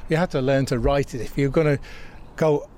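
Older man, southwest Lancashire accent, reminiscing interviewee with halting restarts, faint outdoor hiss. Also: medium pitch, fairly even intonation, darkish tone. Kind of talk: reminiscing conversation.

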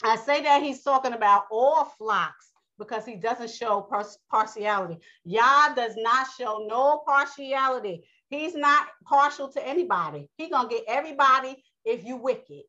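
A woman gives a casual, emphatic sermon, her fairly high voice climbing sharply whenever she speaks for the Most High. She reads scripture and talks straight to the listener, calling them honey and baby. The audio is dull and lo-fi. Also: moderate pace, hardly any pauses. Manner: animated, rising high when quoting the Most High. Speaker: preacher.

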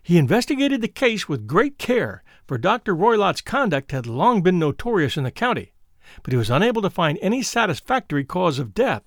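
A man reading the part of a frightened young woman who recounts her twin sister's death, in an earnest, measured storybook telling. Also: high-pitched, sing-song, no echo, clean studio sound. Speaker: audiobook reader.

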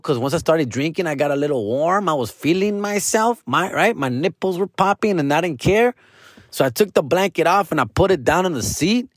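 A man's voice: mid-range voice, no echo, clean studio sound. A man telling a casual story to his followers, slangy and profane, mixing Spanish words into his English. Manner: peppers talk with "fool" and "dog". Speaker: actor vlogging to followers.

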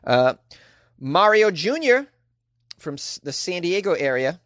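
A man's voice: high-pitched, big pitch swings, a little slow, a bit bright, no echo, studio quality. A man hosting a comedic news podcast, joking and rambling in a self-deprecating way. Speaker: podcast host.

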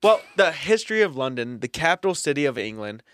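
A young man co-hosting a casual podcast, reading out history notes with a lively, animated delivery. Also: a little high, fast talker.

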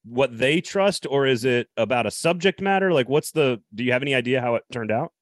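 A man's voice: medium pitch, lively intonation, brisk, no room sound. A man with a mid-range voice hosting a talk show. He asks questions in a friendly way and then moves into commentary, recorded dry and close to the mic. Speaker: radio show host. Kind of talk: casual interview and commentary.

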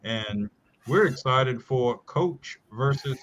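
A calm man co-hosting a sports show, giving playful thanks to the analyst. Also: medium pitch, slow. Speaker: co-host. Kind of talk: casual sports talk.

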